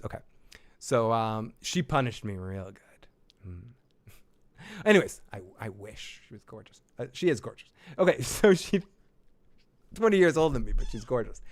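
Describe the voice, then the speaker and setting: A man's voice: medium pitch, clear, resonant tone. A man giving a casual, jokey show recap and telling stories, rambling and swearing freely. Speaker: TV show reviewer.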